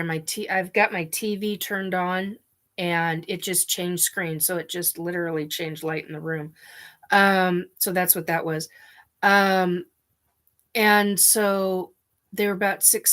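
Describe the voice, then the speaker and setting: A woman vlogger telling a personal story in her living room, halting and tearful, breaking off as she cries. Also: lowish voice, fairly bright tone. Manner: tearful, halting, with restarts and sniffs. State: crying.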